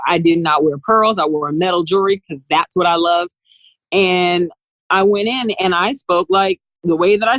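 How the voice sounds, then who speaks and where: A woman, a business CEO, telling animated stories as a podcast guest, laughing often and acting out what others said. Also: fairly low pitch, no echo, rough recording. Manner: lively, laughs often, acts out quotes. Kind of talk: animated storytelling interview.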